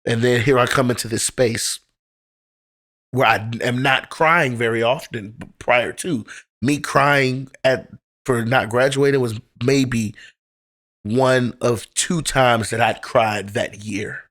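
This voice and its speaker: A man's voice: mid-range voice, steady tone, takes it slowly, a bit bright. Candid young man telling stories. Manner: candid, heartfelt storytelling with casual profanity. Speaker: podcast guest, poet and teacher. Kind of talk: casual podcast conversation.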